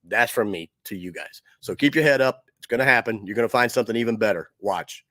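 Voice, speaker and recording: A man's voice: lowish voice, quick pace, sharp tone, no room sound, studio quality. A man hosting a trucking show, talking casually and doing a friendly, salesman-like ad read. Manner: chatty and salesman-like, with frequent restarts. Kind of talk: casual commentary with a live ad read.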